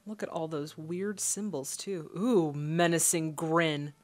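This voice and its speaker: A woman's voice: low voice, slow pace. A woman hosting a casual movie reaction, chatting and thinking aloud as the film plays.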